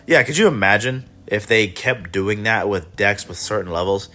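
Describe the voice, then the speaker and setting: A man casually recapping his card game tournament rounds, laid-back and swearing, coughing and clearing his throat now and then. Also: lowish voice, normal speed, sharp tone. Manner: laid-back, profane, chuckling, mock voices of opponents.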